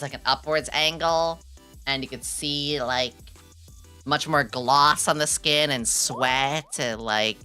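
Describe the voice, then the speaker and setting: A young adult woman streaming a casual chat, excitable and giggly, swearing freely and reading her chat aloud. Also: very deep voice, clean tone. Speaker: VTuber streamer.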